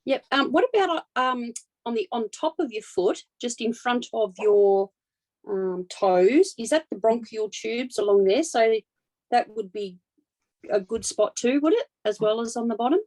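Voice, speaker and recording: A woman's voice: on the high side, moderate pace, a little mellow, no echo, poor audio. A woman taking part in an online workshop over a video call, talking in a thoughtful, hesitant way with restarts. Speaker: workshop participant. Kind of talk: casual chat.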